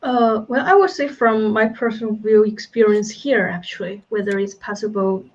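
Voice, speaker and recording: A woman's voice: medium pitch, normal speed, darkish tone. Woman, panel guest, hesitant, lo-fi muffled audio. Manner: hesitant, searching for words. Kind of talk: casual panel discussion. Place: Chongqing.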